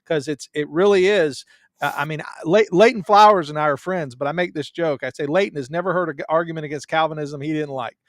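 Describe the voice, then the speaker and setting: A man who is a guest on a podcast, chatting casually with a joking, animated manner. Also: on the high side, dry recording, clean studio sound. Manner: joking, animated, quick asides. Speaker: pastor and guest. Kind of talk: casual chat.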